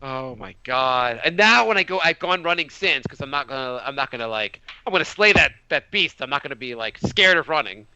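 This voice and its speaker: A man on a podcast with a high, very bright voice, telling stories with big swings in pitch and acting out what others said. The sound is dry and a little muffled. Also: fast talker, few pauses, smooth. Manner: animated storytelling with voiced quotes. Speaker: podcast co-host. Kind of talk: casual chat.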